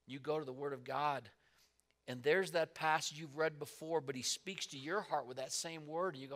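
A male pastor preaching a sermon, moving between soft, quiet asides and loud, emphatic lines. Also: a little high, fairly even intonation, moderate pace.

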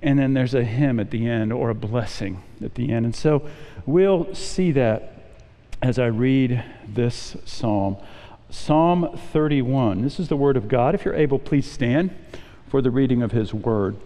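A man's voice: mid-range voice, a little slow, dark tone. A middle-aged man preaching as a pastor, earnest and often repeating words as he speaks. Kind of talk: sermon. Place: church sanctuary. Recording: long hall reverb.

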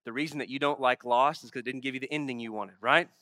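A man preaching a sermon as a pastor. He swings from hushed, intimate asides to loud, emphatic exclamations, and he voices God's questions in a pleading, exasperated tone. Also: mid-range voice, quick pace, dry recording, clean studio sound.

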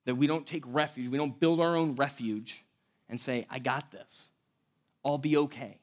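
A man's voice: medium pitch, steady tone, normal speed. A man pastor giving a conversational sermon, with chuckling asides and frequent restarts. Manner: conversational, laughing asides, repeats words.

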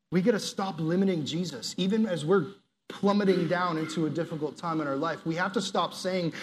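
Man, youth pastor, preaching, slightly high voice, animated, earnest appeals. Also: normal speed. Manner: animated, acts out quoted prayers, drops to soft earnest appeals. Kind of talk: sermon.

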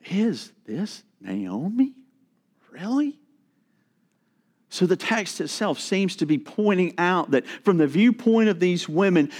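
A middle-aged man preaching a sermon, slow and earnest, dropping to a hush for emphasis. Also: a little high. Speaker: pastor.

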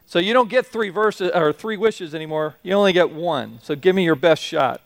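A man voicing a grumpy, exasperated male genie who talks bluntly and loudly. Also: high voice, normal speed. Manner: gruff, blunt, loud.

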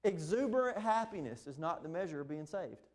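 A man's voice: a little high, lively intonation, fairly quick. A man, preaching a sermon in an impassioned, emphatic way. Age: 20s. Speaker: pastor.

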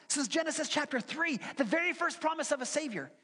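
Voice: high-pitched, animated, fairly quick, pushed and bright. A pastor preaching a sermon in a church, earnest and teaching, with rhetorical questions and acted-out quotes. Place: church sanctuary. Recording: long hall reverb.

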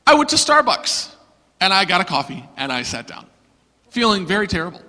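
Man, pastor; bright, forceful delivery, animated and self-mocking, preaching in a reverberant hall. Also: sits high, brisk. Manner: animated, self-deprecating storyteller. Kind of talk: sermon with humorous storytelling.

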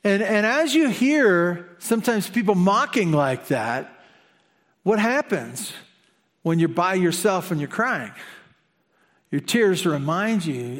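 A man's voice: high-pitched, sing-song, takes it slowly. A man preaching a conversational sermon, asking the listeners questions and slipping in chatty asides. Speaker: pastor.

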